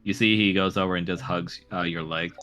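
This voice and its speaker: A man narrating a tabletop game as game master, with a low voice. His delivery is casual and loose, dotted with "uh"s and "like"s, and faint music plays behind. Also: brisk. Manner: relaxed narration with frequent "uh" and "like".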